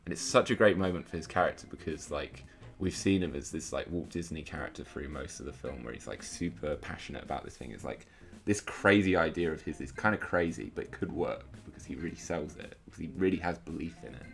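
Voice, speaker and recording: A man's voice: very deep voice, fast, vocal fry, faint music behind. A man co-hosting a casual film commentary, analytical and thinking aloud with plenty of filler words.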